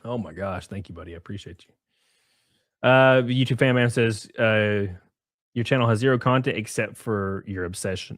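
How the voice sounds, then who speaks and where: A man's voice: lowish voice, normal speed, no echo, clean studio sound. A man hosting a livestream, reading viewer messages aloud in casual, profane banter with frequent chuckles.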